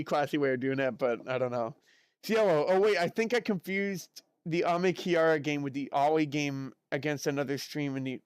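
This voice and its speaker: A man streaming live, chatting casually and reacting excitedly to chat messages. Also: a little high, no echo. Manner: chatty, excitable, lots of fillers and exclamations.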